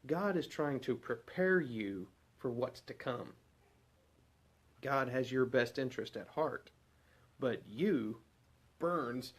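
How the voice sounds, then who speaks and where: A man delivers a devotional sermon in a relaxed, conversational way. He speaks at an ordinary pitch and often stops to put rhetorical questions to his listeners. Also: takes it slowly. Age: adult parent. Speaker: preacher.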